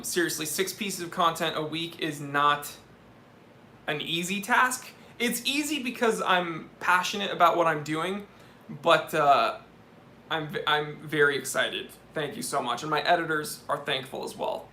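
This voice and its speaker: A man's voice: on the high side, measured pace, sharp tone, roomy sound, slight background noise. A young man hosting a casual live stream, answering chat questions in a chummy, laid-back way and calling people "dude". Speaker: watch channel host answering live chat.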